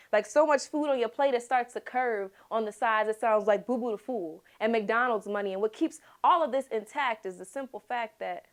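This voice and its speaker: Woman, fairly high voice, rhythmic spoken-word ad read. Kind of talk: scripted ad voice-over.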